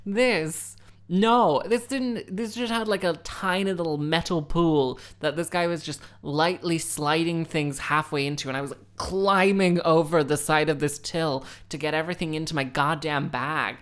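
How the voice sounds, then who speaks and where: A woman's voice: deep voice, steady tone, normal speed. A young woman rambling through a casual, sarcastic story, often acting out other people's voices.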